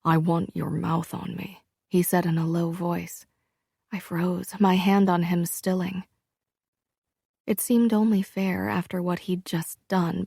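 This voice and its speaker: A woman narrating a first-person romance audiobook in a slow, hushed, intimate manner. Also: mid-range voice, gravelly, no room sound, studio quality.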